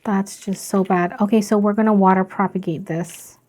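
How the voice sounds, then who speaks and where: A woman vlogging about plant care, talking softly and slowly as she works, with worried asides. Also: medium pitch, steady tone. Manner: slow, soft-spoken, worried asides. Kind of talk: casual narration while working.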